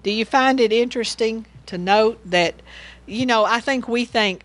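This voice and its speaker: A woman's voice: a little high, normal speed, fairly bright tone. A woman giving a casual Bible teaching, rambling and chatty, and she laughs as she tells stories.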